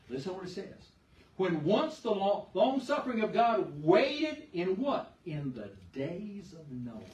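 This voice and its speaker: A male pastor delivers a sermon with a fairly high voice, swinging between loud emphasis and soft asides. He calls out questions to the congregation. The voice is heard from across a reverberant church sanctuary. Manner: emphatic, rises and drops sharply in volume, asks the congregation questions. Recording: echoey church room, far mic.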